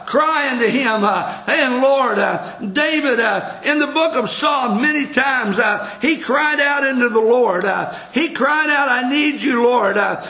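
A man preaching with a very high, bright, ringing voice and fervent delivery that keeps climbing into shouts. He reads scripture and exhorts the congregation. The sound carries the roomy echo of a church sanctuary. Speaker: pastor. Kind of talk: sermon.

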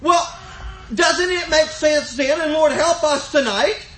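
An older man preaching, his voice unusually high and bright. He tells homespun stories and then presses his points with fervor. The sound is echoey, as in a church room. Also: slow pace, soft background music. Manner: folksy storytelling, rising to fervent emphasis. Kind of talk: sermon.

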